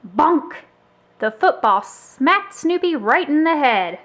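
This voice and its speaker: A woman reading a children's book aloud as a storyteller, with expressive, animated delivery. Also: high-pitched, slow.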